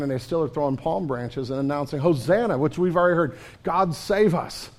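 High-voiced man preaching a sermon. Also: animated, fairly quick. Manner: conversational preaching, often drops to a quiet, low delivery. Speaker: pastor.

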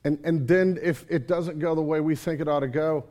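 A male pastor preaching at a church service, his voice sitting a little high. He talks conversationally and keeps asking the congregation questions. He acts out his own grumbling prayers to God with animated energy. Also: normal speed. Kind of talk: sermon.

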